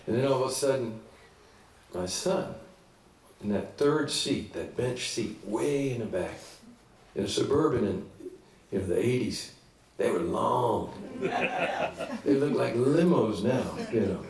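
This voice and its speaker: A man telling a story live on stage in a small listening room, in an animated, folksy way and acting out voices. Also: medium pitch, normal speed. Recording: roomy venue, distant mic, audience laughter.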